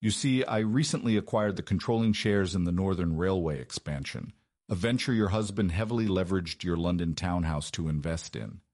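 A man playing a formidable young duke who speaks in a lethally calm, commanding way. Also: low voice, a little fast, dry recording, clean studio sound.

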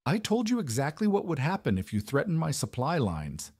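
A man voicing a tired, ruthless emperor who speaks quietly and with exhaustion in a storybook reading. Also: fairly high pitch, huge pitch swings, a little fast, breathy edge, dry recording, clean studio sound, voice pushed up, heavily acted. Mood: weary. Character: weary, ruthless male emperor.

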